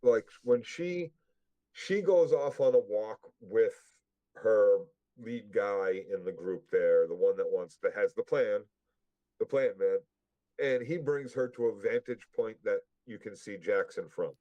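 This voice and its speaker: A man's voice: fairly low pitch, unhurried, warm tone, no room sound, muffled recording. A man co-hosting a casual recap chat, rambling and blunt, with heavy swearing. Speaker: podcast co-host.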